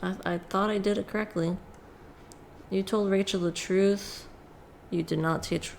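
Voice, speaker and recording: A woman streamer casually chatting through a game, sarcastic and quick to swear. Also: medium pitch, creaky, slight background noise. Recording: music playing loudly behind.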